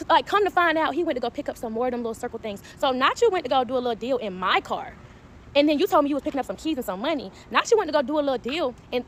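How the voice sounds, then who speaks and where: Brief: young woman, fast gossipy storytime vlogger, slightly high voice, faint room hum. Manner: gossipy, talks to viewers as y'all and child. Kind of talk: casual storytime chat to camera.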